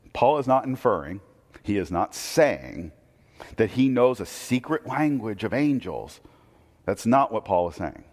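A man with a fairly high voice preaches in a conversational way, firing rhetorical questions at his listeners and restarting phrases as he goes. His voice carries a long reverb, as if recorded in a large church hall. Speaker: pastor. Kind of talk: sermon.

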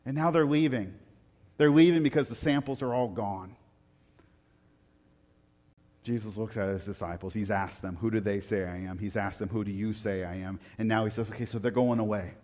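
Animated preaching man in a reverberant hall. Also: lowish voice, moderate pace, pauses often. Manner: animated storytelling, rising loud for anecdotes, dropping soft for reflection. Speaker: pastor. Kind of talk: sermon.

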